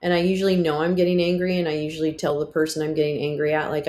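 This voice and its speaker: A woman's voice: low voice, little pitch movement, very fast, a little mellow. A woman hosting a livestream, talking in a candid, rambling way with swearing and laughs. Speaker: livestream host. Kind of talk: casual livestream chat.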